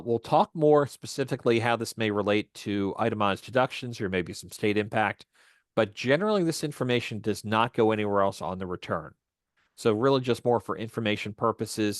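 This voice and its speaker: A man with a lowish voice guides volunteer tax preparers through a form in a steady, explanatory way. He pauses often on "uh" as he goes. The sound is dry and close, as on a video call. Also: dry recording. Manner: explanatory, steady, frequent "uh" fillers. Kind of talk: instructional walkthrough.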